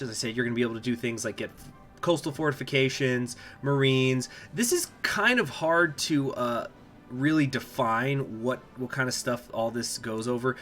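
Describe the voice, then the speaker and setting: A man giving a casual gameplay walkthrough as a strategy game guide host, explaining as he goes and pausing often to think aloud. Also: mid-range voice, a bit bright. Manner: chatty, explanatory, thinks aloud with many filler pauses.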